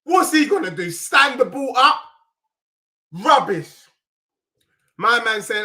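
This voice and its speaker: Hoarse young man, high and sharp-toned, shouting football rants. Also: expressive, a little slow, pauses often. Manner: ranting, often shouting. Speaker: fan channel host. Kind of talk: ranting football reaction.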